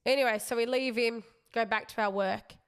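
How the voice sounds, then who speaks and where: A young woman, a comedian hosting her podcast, telling a story in a rambling, animated way with self-aware asides. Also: fairly high pitch, normal speed, clear, resonant tone. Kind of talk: casual comic storytelling.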